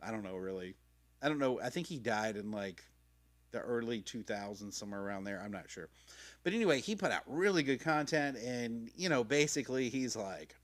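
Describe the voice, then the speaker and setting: A middle-aged man hosting a podcast tells his personal story casually in a mid-range, expressive voice at a fairly quick pace. He rambles, uses slang, swears freely, and acts out quotes, recorded on a podcast mic.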